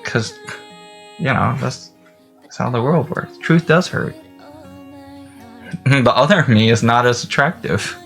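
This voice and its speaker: Giggly rambling man, lively pitch. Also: slow, creaky, pauses often, faint music behind. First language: not English. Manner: giggly, rambling, laughs often. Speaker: vlogger. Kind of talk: rambling self-talk to camera.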